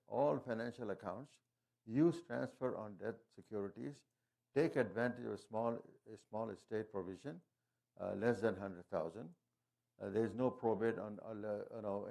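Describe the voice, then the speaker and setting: A man with a fairly low, gravelly, mellow voice walks through his slides on wills and estate planning. His delivery is halting, full of restarts and fillers, with non-native phrasing, in the style of an informal presentation.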